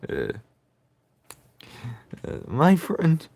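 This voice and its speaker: Man, casual drawing chat, giggly, lively up-and-down pitch, slow unhurried talk. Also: creaky. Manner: giggly, playful, silly jokes. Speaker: artist drawing on stream.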